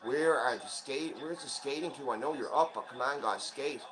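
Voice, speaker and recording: A man of ordinary pitch runs a relaxed live commentary over a hockey game, speaking like a fan who is pulling hard for his team. He bursts into quick, excited play-by-play when the action heats up, then drifts back into chatty asides and small self-corrections. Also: a crowd in the background, low-quality recording. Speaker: channel host, fan commentator. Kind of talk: casual live game watch-along commentary.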